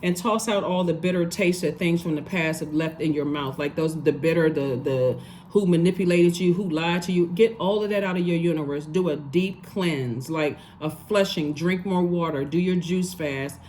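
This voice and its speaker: A woman's voice: on the low side, normal speed, darkish tone, a little hiss or hum. A woman giving a casual tarot reading, talking emphatically and repeating phrases for stress. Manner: conversational, loose and rambling. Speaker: tarot reader.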